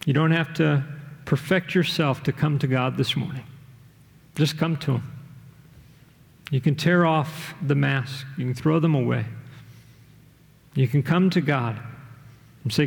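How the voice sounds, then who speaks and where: A man's voice: a little high, a little slow, gravelly, pauses often, long reverb tail. A man preaching a sermon as pastor, earnest, reading a story passage aloud with feeling.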